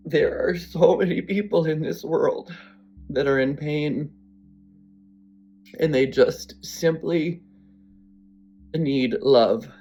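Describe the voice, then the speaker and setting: A man telling a personal story to camera, earnest and emotional, speaking bluntly and swearing now and then. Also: fairly high pitch. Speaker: vlogger.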